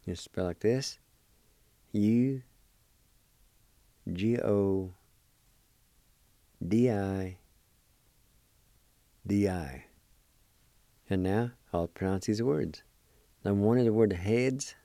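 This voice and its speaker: Man, language teacher, slow deliberate delivery, low voice, very mellow tone. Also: dry recording. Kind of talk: slow spelling and pronunciation lesson.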